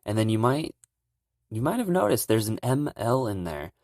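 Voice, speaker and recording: A young man giving a relaxed, casual language lesson, calmly explaining pronunciation. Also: on the low side, no room sound, studio quality. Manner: relaxed, repeats sounds slowly and loudly to demonstrate. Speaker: language teacher.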